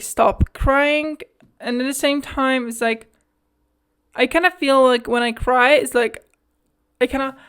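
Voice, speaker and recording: A woman's voice: on the high side, fairly bright tone, smooth. A young adult woman hosting a casual solo podcast, rambling candidly, swearing freely and filling her talk with "like". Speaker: podcast host.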